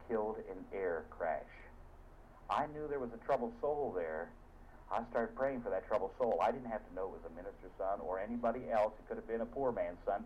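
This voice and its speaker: A man preaching a sermon as a minister, telling stories with fervor and sudden swings of loudness. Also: medium pitch. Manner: fervent, dramatic storytelling with shifts of loudness. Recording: dull lo-fi recording with faint hiss.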